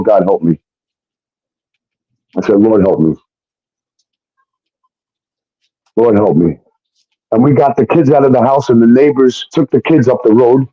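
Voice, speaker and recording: A man telling a personal story in a heated, casual way, acting out what others said and swearing often. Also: medium pitch. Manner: heated, swearing, acts out quotes. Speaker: guest telling his story. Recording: dull lo-fi sound.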